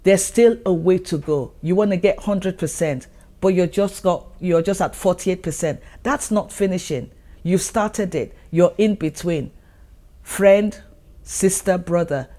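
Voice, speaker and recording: A woman's voice: on the low side, dark tone. A woman hosting her own channel, giving an earnest motivational talk and repeating her points for emphasis. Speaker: channel host.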